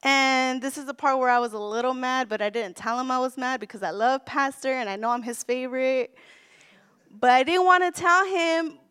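A woman minister preaching a sermon, counting off numbered points and then candidly telling a personal story with gentle self-deprecation. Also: high-pitched, normal speed, clear, resonant tone. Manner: earnest, counts off numbered points, quotes scripture.

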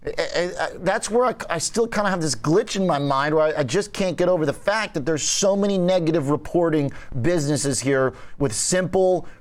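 Male panel host, slightly high voice, animated questioning, filler-heavy. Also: moderate pace, few pauses. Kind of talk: financial news panel discussion.

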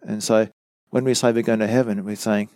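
A man's voice: on the low side, level tone, brisk, a little mellow, no room sound. Earnest man preaching in a dry room. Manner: earnest, explanatory, emphatic repetition; rhetorical questions, acts out quoted voices. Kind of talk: teaching sermon.

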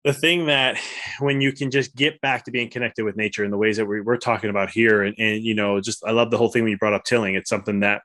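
A man's voice: on the low side, level tone, fast talker, a bit bright. A man hosting a podcast, talking in an enthusiastic, rambling way with many restarts. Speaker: podcast host, chiropractor. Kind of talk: casual interview chat.

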